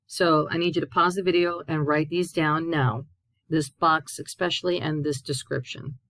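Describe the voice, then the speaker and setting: In a recorded classroom lesson, a Spanish teacher with a low, darkish voice takes her students through a grammar point. She speaks at a normal pace with fairly even intonation, reading each example aloud before patiently translating it. The audio is dry and close-miked, with no room echo.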